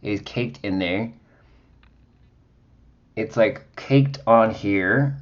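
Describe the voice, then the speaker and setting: The recording is muffled, and the man's lowish voice moves extremely slowly. At home, he chats through a casual makeup review vlog with plenty of drama and sassy exclamations.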